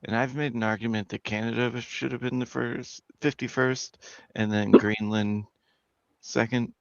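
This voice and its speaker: An American man in crude casual chat, loud and argumentative, cutting in on others. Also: mid-range voice, level tone, normal speed, creaky, dry recording, dull audio. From United States.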